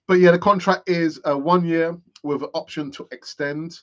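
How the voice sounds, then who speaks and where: A man with a somewhat high voice talks through football transfer news in a loose, rambling way, full of chatty asides and jokes at his own expense. He sounds tired, and the recording is dull and lo-fi. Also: expressive, brisk, fairly bright tone. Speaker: football fan channel host. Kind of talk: casual transfer news chat.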